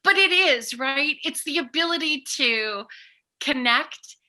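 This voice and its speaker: A middle-aged woman speaking as a podcast guest, talking in a lively, animated way and acting out bits of dialogue. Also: sits high, slow. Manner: animated, acts out remembered dialogue. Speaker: guest, author and peace educator. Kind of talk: casual podcast conversation.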